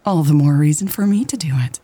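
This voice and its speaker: Friendly young waitress, teasing and bold, low mellow voice, read by a woman narrator. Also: a little fast, dry recording. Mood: playful.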